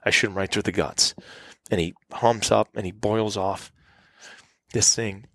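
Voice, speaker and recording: Man, gravelly voice, lively storyteller, acts out quotes, dry close sound. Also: fairly low pitch, measured pace, dry recording. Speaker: guest hunter. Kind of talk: casual storytelling. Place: cabin.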